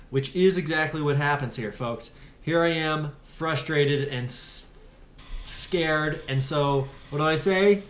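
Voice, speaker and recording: A man narrating his own paragliding flight in a casual vlog voice-over, animated, swearing freely and calling his viewers folks. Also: fairly high pitch, slow.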